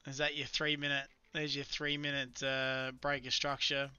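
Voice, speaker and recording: Man, live trading stream, chatty and muttering, very sharp tense tone, smooth clear voice. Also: medium pitch, monotone, moderate pace, hardly any pauses, dry recording, lo-fi sound, soft background music. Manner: chatty, muttering to himself over charts. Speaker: live-streaming futures trader. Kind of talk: casual live-stream commentary.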